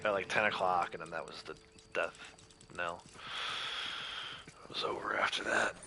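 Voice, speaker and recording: A man hosting a gaming livestream, chatting casually and rambling, often laughing and trailing off quietly. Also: deep voice, moderate pace, gravelly, noisy background. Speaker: livestream host. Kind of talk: casual chat while gaming.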